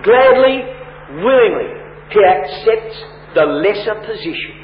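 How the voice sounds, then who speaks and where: A man preaching with emphatic delivery. His voice sits high and rings through a big reverberant hall. The recording sounds thin and tinny, like a phone line. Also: lively intonation, measured pace, a little hiss or hum. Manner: emphatic, rising and falling preaching delivery with rhetorical questions. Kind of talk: sermon.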